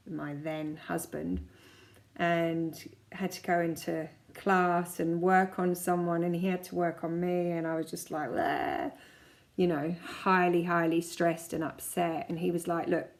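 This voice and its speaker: A woman in her forties, a kinesiology practitioner, chatting casually as she guides listeners through calming exercises step by step. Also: on the low side, measured pace, creaky. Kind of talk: casual self-help teaching.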